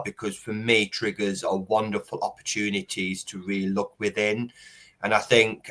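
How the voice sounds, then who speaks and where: A man with a fairly low voice hosts a relaxed podcast conversation. He thinks aloud in a reflective way, often hedging and restarting his sentences. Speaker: podcast host.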